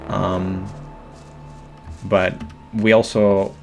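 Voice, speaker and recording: A man giving monotone, hesitant game walkthrough commentary with many fillers. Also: low-pitched, very slow, creaky, faint music behind.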